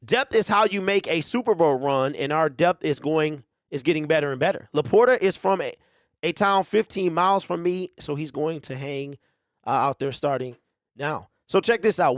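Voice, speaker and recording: Guy hosting a sports stream, kinda high voice, dry close sound, gets worked up and repeats stuff. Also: moderate pace, dry recording. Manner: animated, exclaims and repeats himself. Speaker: sports show host. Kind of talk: casual sports talk livestream.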